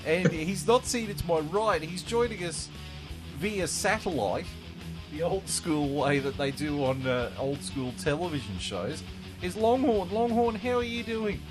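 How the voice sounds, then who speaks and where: A man's voice: on the high side, lively intonation, a little slow, music in the background. A man hosting a casual sports podcast, joking, swearing and laughing often. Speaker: podcast host. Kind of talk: casual chat.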